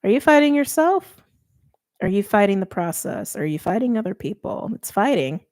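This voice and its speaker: A woman's voice: mid-range voice, sing-song, moderate pace, a little mellow. A young adult woman giving a chatty, emphatic tarot reading, interrupting herself often. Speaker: tarot reader.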